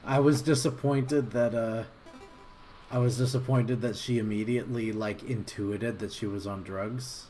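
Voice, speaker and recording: A man's voice: mid-range voice, fairly even intonation, unhurried, dark tone, soft background music. A man co-hosting a casual podcast, chiming in with agreement and laughing often. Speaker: podcast co-host. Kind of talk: casual chat.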